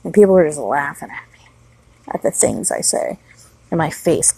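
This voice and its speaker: A woman in her thirties talks outdoors at night in a rambling solo vlog, blunt and swearing constantly. Her voice is deep for a woman, very husky and thick with gravelly fry. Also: big pitch swings, moderate pace, warm tone, no echo, low-quality recording. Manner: blunt, heavily profane rambling talk. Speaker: mother of young children. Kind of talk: casual solo vlog monologue.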